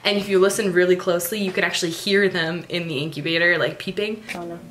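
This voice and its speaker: A woman's voice: on the low side, fairly even intonation, fast, a crowd in the background. A young woman and mother filming a casual vlog in her dining room, rambling with lots of ums and little laughs. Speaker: vlogger and mother. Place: home dining room, indoors.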